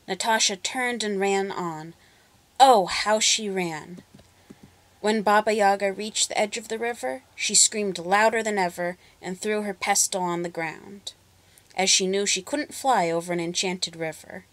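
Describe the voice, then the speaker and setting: A woman storyteller narrating a folk tale with expressive, dramatic pacing. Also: medium pitch, unhurried, no echo.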